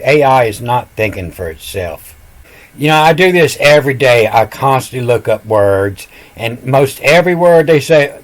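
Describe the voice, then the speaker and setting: A man in his fifties giving a meandering online lecture on ancient letters, spelling words out letter by letter as he goes. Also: medium pitch. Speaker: self-taught ancient language teacher.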